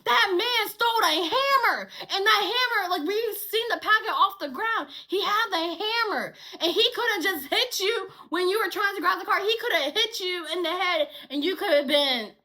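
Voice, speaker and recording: A woman tells a workplace story straight into a close mic, her voice very high and sharply bright. She talks in a lively, unfiltered way, swearing often and slipping into the voices of the people in her story. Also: moderate pace, few pauses. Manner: animated, swears a lot, acts out dialogue. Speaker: storytime vlogger. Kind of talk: casual storytime.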